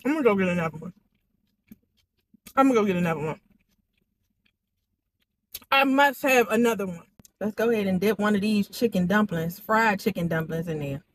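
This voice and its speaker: A young woman hosting an eating show, chatting excitedly and straight to her viewers as she tastes each dish. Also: mid-range voice, a little fast, long pauses, a little hiss or hum. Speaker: food vlogger. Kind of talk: casual eating-show chat.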